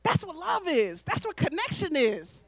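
A woman preacher delivering a calm, conversational sermon, slowing down for emphasis. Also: extremely high pitch, no room sound. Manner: conversational, deliberate, slows for emphasis.

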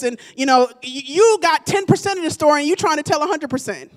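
A woman pastor preaching a sermon, calling on the congregation to respond and rising into shouts. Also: high voice, animated, fast, few pauses.

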